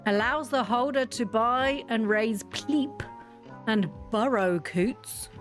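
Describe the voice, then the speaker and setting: A woman streamer rambles casually as she plays a game, often poking fun at herself and giggling. Her voice is a little high and slow, with faint music in the background.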